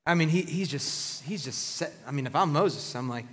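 A male pastor delivering an animated, conversational sermon with plenty of emphasis. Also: a little high, normal speed, big-room sound.

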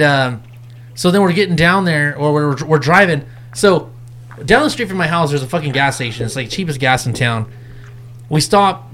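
A man's voice: a little high, slight background noise. A man co-hosting a podcast, casually telling a profane story and acting out what people said. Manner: profane, animated, acts out quotes. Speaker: podcast co-host.

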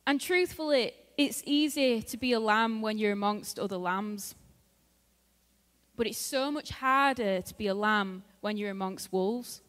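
A woman's voice: mid-range voice, measured pace, a bit bright. A woman giving a sermon in a church in a conversational way, laughing often and acting out what her friends said. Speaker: preacher. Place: church hall. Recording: long hall reverb.

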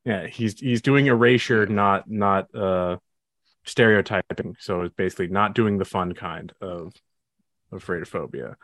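Low-voiced laid-back podcast host, man. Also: unhurried, fairly bright tone, dry recording, studio quality. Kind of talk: casual chat.

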